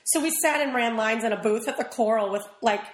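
A woman talks as an interview guest in a loose, rambling way, full of quick asides. Her voice sits a little high. The room around her is echoey. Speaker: actress guest. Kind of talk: casual interview chat.

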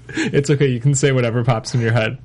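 A male host runs a casual interview at a middle pitch, chatty and upbeat. He laughs often and keeps the talk moving. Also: a little mellow.

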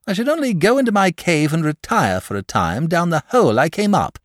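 A man's voice: medium pitch, no room sound, clean studio sound, pitched above the performer's own voice. A man voicing a timid, genteel male dragon who talks nervously and gets easily flustered, in a storybook reading.

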